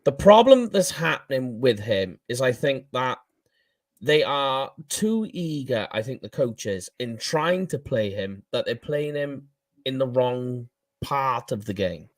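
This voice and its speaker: A man with a Welsh accent co-hosting a casual sports podcast, animated and quick to laugh at his own slips. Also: medium pitch, no room sound. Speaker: co-host.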